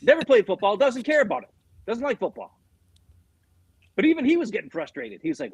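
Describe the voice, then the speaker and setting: A man's voice: extremely high pitch, sing-song, brisk, vocal fry, pauses often, a little mellow, breathy edge, no room sound, poor audio. A middle-aged man co-hosting a sports show, venting in heated, profane casual chat about his team's loss. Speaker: sports podcast co-host.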